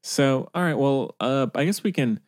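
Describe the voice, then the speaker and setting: A man's voice: mid-range voice, lively intonation, normal speed, darkish tone, no echo. A man co-hosting a podcast, chatting casually in an easygoing, agreeable and somewhat hesitant way. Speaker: podcast co-host. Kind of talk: casual chat.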